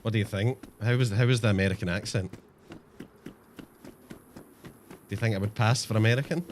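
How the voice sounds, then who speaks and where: A man's voice: lowish voice, fairly even intonation, moderate pace, slight background noise. A man streaming a game, chatting casually and self-mockingly to viewers, swearing often. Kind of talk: casual live-stream chat.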